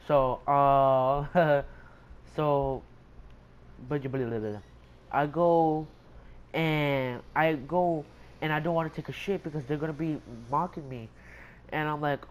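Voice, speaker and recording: A man's voice: a little high, steady tone, moderate pace, slight background noise, poor audio. A young man telling a rambling, profane story in casual slangy chat.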